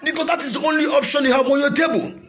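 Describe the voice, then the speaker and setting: A fiery Nigerian man with an Igbo mother tongue, his voice pitched very high and sharply bright. He declaims to his followers as a militia leader, alternating shouted lines with a sing-song cadence. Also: rapid-fire. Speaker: self-styled militia leader. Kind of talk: impassioned speech to followers.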